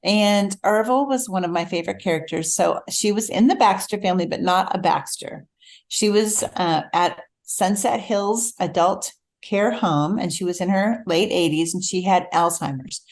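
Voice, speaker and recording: A middle-aged woman, an author, telling a personal story in a relaxed conversation, acting out the voices she quotes. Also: fairly low pitch, moderate pace. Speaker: author guest. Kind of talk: storytelling in casual chat.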